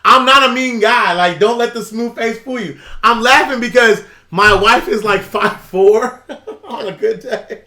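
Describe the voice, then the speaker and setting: A man with a Southern US accent telling a story in casual chat, animated, acting out quotes and laughing often. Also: very high voice, a little slow, roomy sound. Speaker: channel host.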